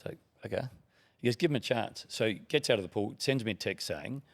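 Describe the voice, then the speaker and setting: A middle-aged Australian man with a low, gravelly voice, spinning long, rambling anecdotes. He talks casually and acts out bits of the conversations he describes. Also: a little fast. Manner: rambling anecdotes with quoted dialogue. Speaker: guest, TV broadcaster. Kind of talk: casual storytelling.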